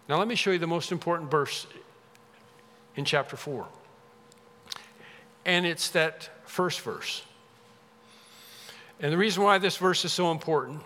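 Bright-voiced preacher in a reverberant hall. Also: male voice, a little high. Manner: emphatic, repeats phrases with rising force. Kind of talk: sermon.

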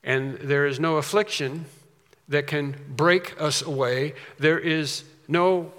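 A man's voice: on the high side, steady tone, slow, a bit bright. A man preaching a sermon in an emphatic way, repeating his key phrases. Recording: long reverb of a large hall.

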